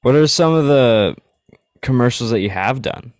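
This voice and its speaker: A man's voice: mid-range voice, animated, normal speed, no echo, clean studio sound. A man hosting a casual interview, mostly giving brief affirming responses and asking questions. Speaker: podcast host.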